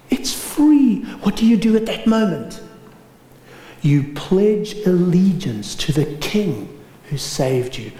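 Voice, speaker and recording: A man preaching a sermon. He tells a story with dramatic swings between raised and hushed delivery. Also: high-pitched. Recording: roomy echo.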